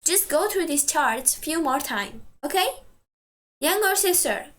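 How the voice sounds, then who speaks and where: A woman teaching a language lesson, patiently saying each word twice and slowly for practice. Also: sits high, lively intonation, fairly bright tone.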